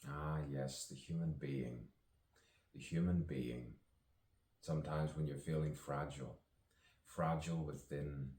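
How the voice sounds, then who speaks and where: A very deep, slightly mellow male voice belongs to an actor and poet improvising spoken-word poetry. He sounds musing and playful, chuckling between lines, and the recording has a roomy, distant quality.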